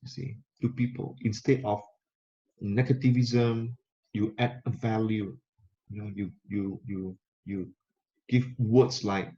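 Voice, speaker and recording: A man's voice: fairly low pitch, steady tone, slow, warm tone. A man giving a motivational talk to camera, coaching listeners and repeating key phrases for emphasis. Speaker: motivational speaker. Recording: slightly muffled lo-fi recording.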